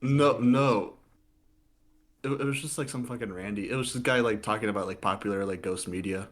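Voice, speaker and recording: A man's voice: fairly low pitch, fairly quick. A man co-hosting a podcast in casual chat, repeating words as he goes and laughing as he tells stories. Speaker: podcast co-host.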